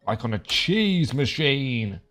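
A man's voice: medium pitch, big pitch swings, takes it slowly, fairly bright tone, soft background music. Jokey young man playing a video game. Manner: chatty, jokey, reads game dialogue aloud. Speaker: gaming video creator. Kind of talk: casual let's-play commentary.

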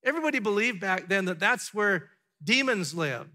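A pastor preaching a sermon to his congregation, asking rhetorical questions and dropping to a hush before building back up. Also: sits high, lively intonation, moderate pace. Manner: dramatic, drops to a hushed tone for emphasis, then builds up. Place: church sanctuary.

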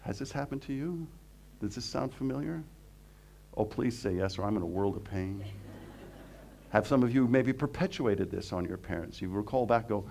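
A middle-aged man from Canada, a professor giving a humorous, animated seminar talk that mixes jokes into the teaching. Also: lowish voice, normal speed, creaky, slight background noise. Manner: animated, joking, acts out quotes. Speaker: guest speaker, professor.

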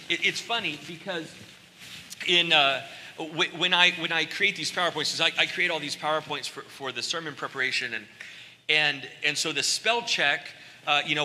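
Male pastor, slightly high voice, casual preaching that swells to emphatic points, echoing church auditorium. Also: sharp tone. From United States. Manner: conversational preaching, stretches key words slowly, rises to emphatic peaks. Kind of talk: sermon. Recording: church hall with long reverb.

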